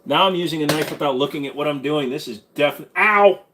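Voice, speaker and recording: A man's voice: fairly high pitch, steady tone, rapid-fire, a bit bright, slight background noise. A man hosting a casual livestream Q&A, joking and irreverent, answering chat questions while fiddling with gear. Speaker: host. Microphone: desk microphone.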